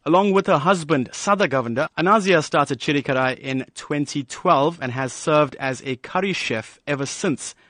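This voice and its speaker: A man narrating a scripted radio news feature in an even, polished delivery. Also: fairly high pitch, moderate pace, hardly any pauses, no echo.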